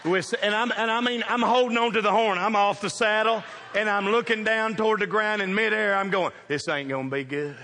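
A man preaching a sermon, telling funny stories with animated shouts and laughter. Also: high voice, a little fast, some chatter behind, slight background noise. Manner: animated, shouting bursts, laughing through punchlines. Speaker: pastor. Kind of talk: humorous storytelling sermon. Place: church sanctuary. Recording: reverberant church hall.

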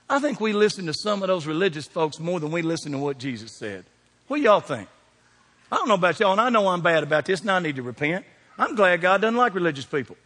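Kentucky pastor preaching in a reverberant church. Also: male voice, high voice, quick pace. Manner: animated preaching with call-and-response questions. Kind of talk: sermon. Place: church sanctuary. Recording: long hall reverb.

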